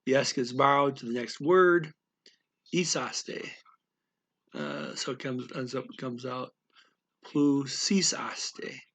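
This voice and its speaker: Male lesson host, slow and halting, husky tone. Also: medium pitch, fairly bright tone. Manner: halting, thinking aloud, many fillers and restarts. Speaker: language learner explaining a lesson. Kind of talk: casual spoken language lesson.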